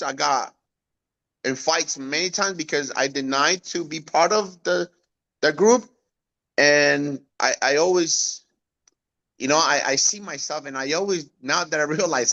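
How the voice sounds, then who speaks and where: A man in his thirties from Guatemala tells his life story as an interview guest. His voice is bright and sits a little high for a man. He acts out the people he quotes in a lively way. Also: lo-fi sound. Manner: animated, acts out quoted voices with raised pitch.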